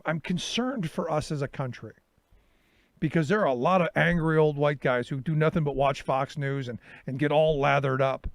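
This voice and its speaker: A middle-aged man hosts a talk show and tells a story in a loose, casual monologue, acting out the exchanges he had. His voice sits a little high for a man. The sound is close and dry, with no room behind it. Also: dry recording. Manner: animated storytelling, reenacts his own exchanges.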